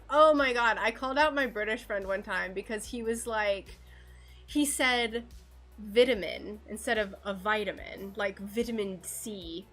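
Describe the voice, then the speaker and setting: A woman chatting casually with her live-stream viewers while she crafts stained glass, playful and quick to laugh. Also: on the high side, a bit bright. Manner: chatty and playful, laughs often, talks to chat.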